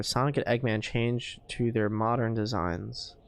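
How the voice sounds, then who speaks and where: A man's voice: fairly low pitch, steady tone, normal speed, slight background noise. A man streaming a game with casual commentary, chatty and rambling, with lots of filler words.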